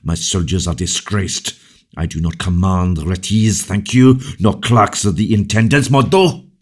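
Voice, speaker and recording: A man voicing a proud, angry musketeer captain speaking forcefully and with indignation. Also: low voice, unhurried, husky. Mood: indignant.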